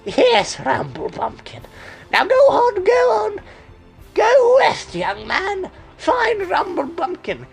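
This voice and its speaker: A woman voicing an impatient old male village elder with a squeaky, shouting voice. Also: very animated, slow pace, vocal fry, soft background music, full character voice.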